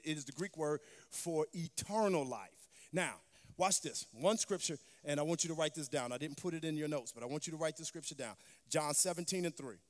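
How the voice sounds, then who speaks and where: Brief: woman preacher, sermon delivery, emphatic call-and-response, reverberant hall. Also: low-pitched.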